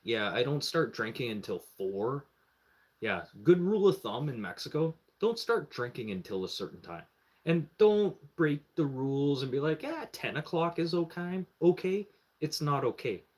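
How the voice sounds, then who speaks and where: Male streamer, mid-pitched voice, loose profane storytelling, jumps into other people's voices. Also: big pitch swings, moderate pace, a little mellow. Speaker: live streamer. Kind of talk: casual storytelling.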